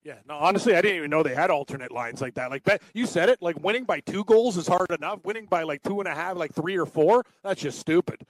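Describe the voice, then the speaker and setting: A man's voice: on the high side, lively intonation, quick pace, few pauses, no room sound. A man co-hosting a casual sports chat, rambling and emphatic, often repeating himself. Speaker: sports podcast co-host.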